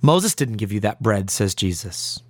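A man's voice: lowish voice, sing-song, a little slow, no echo, studio quality. A man preaching a sermon, reading scripture aloud and asking the listeners rhetorical questions.

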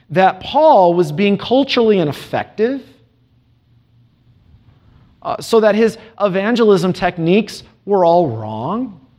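Animated, high-voiced male preacher. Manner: earnest, emphatic, rhetorical questions; reads scripture aloud in measured cadence. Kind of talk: sermon.

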